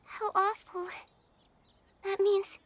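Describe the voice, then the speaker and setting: A woman's voice: extremely high pitch, flat delivery, slow, dry recording. A woman voicing a polite, earnest young witch heroine in an anime dub.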